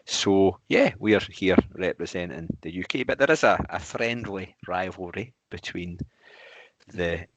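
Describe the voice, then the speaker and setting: A man's voice: low voice, lively intonation, a little slow, no room sound. A man with a Scottish accent co-hosting a podcast, chatty and teasing in casual talk. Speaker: podcast co-host.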